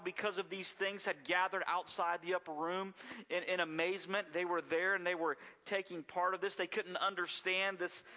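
Folksy preacher with a bright voice. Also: male voice, on the high side, long reverb tail. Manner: folksy storytelling with frequent word repeats. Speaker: pastor. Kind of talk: sermon.

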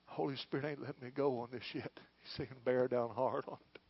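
A middle-aged male pastor preaching a sermon in church, moving between quiet, hushed lines and loud, fervent calls. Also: medium pitch, fairly even intonation, brisk, vocal fry, husky, muffled recording. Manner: preaching, swings from hushed to shouting.

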